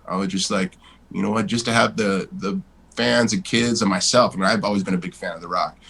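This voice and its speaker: Blunt, animated man telling stories. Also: sits low, fairly quick, gravelly, husky, rough recording. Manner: blunt, animated, swears freely. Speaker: interview guest. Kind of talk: casual interview storytelling.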